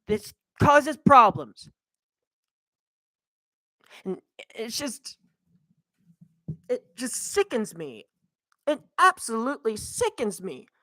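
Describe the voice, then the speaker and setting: A woman's voice: fairly high pitch, slow, long pauses, no echo, low-quality recording. Young woman in a heated rant. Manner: heated, animated ranting. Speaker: vlogger. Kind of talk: ranting monologue.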